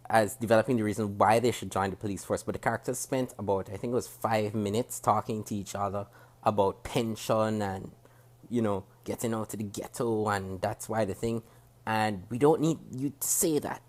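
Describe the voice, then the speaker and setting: A Jamaican man with a fairly low voice gives a spoken review straight to camera. His delivery is critical and measured. He breaks off and restarts sentences as he works through his points. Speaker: TV show reviewer. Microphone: camera facing the speaker.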